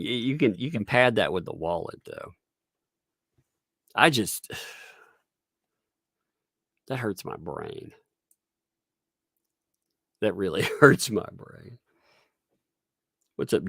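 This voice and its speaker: Livestream host, male, rambling and laughing a lot, slow and lively-pitched. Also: gravelly, dry recording, studio quality. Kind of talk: casual livestream chat.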